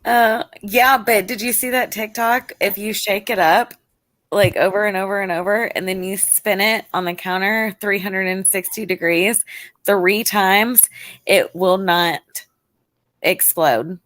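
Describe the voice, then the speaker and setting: A woman with a Southern accent from Georgia, hosting a casual livestream chat and jumping in with quick remarks. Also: medium pitch, fairly even intonation, a bit bright, no echo. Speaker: host.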